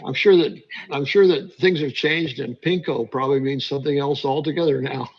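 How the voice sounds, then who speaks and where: A man in a casual voice call, talking in a dry, teasing and unhurried way. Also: mid-range voice, fairly even intonation, breathy edge, dull audio. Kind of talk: casual chat over voice call.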